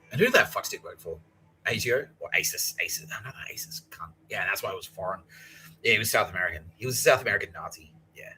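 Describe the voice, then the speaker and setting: A man's voice: on the low side, lively intonation, fast talker, bright, forceful tone, soft background music, low-quality recording. A man in his thirties, a podcast host telling a rambling, profane story and acting out the other people's lines. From Australia. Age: 30s. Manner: profane, acts out others' lines, laughs often. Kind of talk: rambling monologue.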